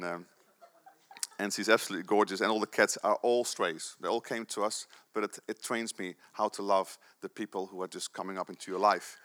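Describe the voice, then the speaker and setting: A man preaching a sermon, telling stories and joking with the congregation. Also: on the low side. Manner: animated storytelling with audience banter and laughs.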